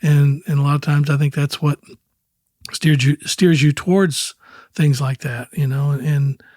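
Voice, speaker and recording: A man's voice: on the high side, fairly even intonation, unhurried, darkish tone, no echo, studio quality. A man in his sixties, a country singer as interview guest, telling long rambling anecdotes full of quoted dialogue and easy chuckles. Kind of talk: casual storytelling in an interview.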